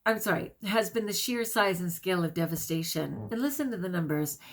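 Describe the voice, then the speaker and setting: Chatty, low-voiced woman vlogger. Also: expressive. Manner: quick, chatty, many fillers and self-corrections. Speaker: vlogger and teacher. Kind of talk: casual talk to camera, reading an article aloud.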